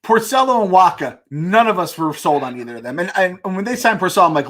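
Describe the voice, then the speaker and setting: A man hosting a casual sports podcast, his voice pitched a little high. He rants heatedly, swearing as he vents frustration about his team. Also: sing-song, fast, a bit bright. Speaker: podcast host.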